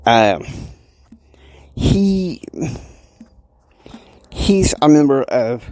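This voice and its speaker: A man's voice: mid-range voice, sing-song, drawn-out words, a little mellow, no echo. A man hosting a self-help show, talking casually and motivationally in a rambling way, often checking in with the listener. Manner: rambling, keeps checking in with "okay?".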